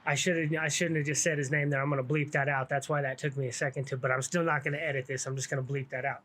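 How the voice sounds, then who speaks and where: A man's voice: mid-range voice, level tone, fast talker, a bit bright. A man telling a story from his own past in casual, slangy street talk, swearing freely and laughing along.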